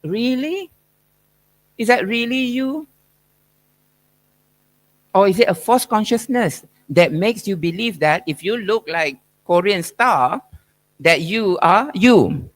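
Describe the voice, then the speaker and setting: In an academic keynote lecture, a man speaks in a high-pitched, animated voice at an unhurried pace. He presses his points with rhetorical questions and "right?" tags, lecturing in a probing, emphatic way.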